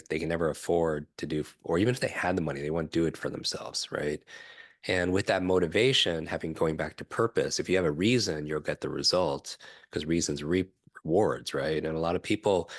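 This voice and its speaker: Middle-aged male guest with a very deep voice, lively storytelling, acting out dialogue. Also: no room sound, studio quality. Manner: animated storyteller, acts out quoted voices, frequent "right?". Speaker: podcast guest. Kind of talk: storytelling in a conversational interview.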